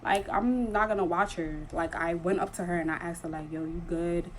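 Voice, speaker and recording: Young woman vlogging, earnest and emphatic, lowish voice, faint noise behind. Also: a little fast, poor audio. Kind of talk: casual storytelling.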